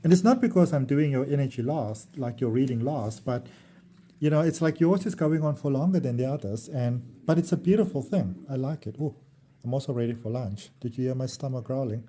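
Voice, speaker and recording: A man's voice: mid-range voice, fairly quick, mellow. A man, giving a casual tarot reading on his channel in a chatty, rambling, affectionate way. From South Africa. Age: early 40s. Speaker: tarot reader.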